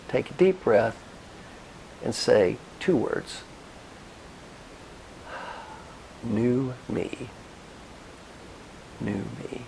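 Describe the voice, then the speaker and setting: A man giving a motivational talk, guiding listeners through reflection and telling stories in an expressive, directive way. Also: mid-range voice, creaky, slight background noise, low-quality recording. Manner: expressive, directive, with soft pauses. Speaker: motivational speaker and coach. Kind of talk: guided reflection and storytelling talk.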